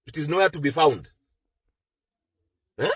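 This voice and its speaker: A Kenyan man giving mocking social media commentary in a sarcastic, drawn-out way. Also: on the high side, expressive, husky, dry recording, clean studio sound.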